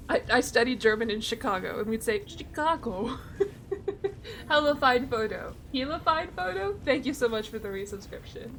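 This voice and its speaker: A young adult woman chats with her viewers while she plays a game. Her voice sits a little high and her pace is unhurried. She laughs often, pokes fun at herself and reads chat messages aloud. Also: fairly bright tone, slight background noise. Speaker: game streamer. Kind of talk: casual live-stream chat while gaming.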